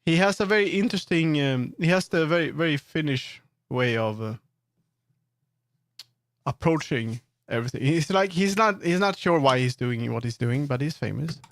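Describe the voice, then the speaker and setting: Swedish guy streaming, rambly and amused, gravelly voice, dry close mic. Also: fairly high pitch, expressive, moderate pace, dry recording. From Sweden. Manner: rambling, self-amused, with many restarts. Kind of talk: casual livestream chat.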